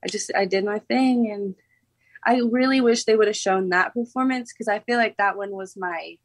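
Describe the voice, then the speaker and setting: A woman's voice: mid-range voice, moderate pace, no room sound. Giggly young woman, filler-heavy chatter. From Oklahoma. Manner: bubbly, giggly, lots of "like" fillers. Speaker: former contestant, guest. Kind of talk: casual interview chat.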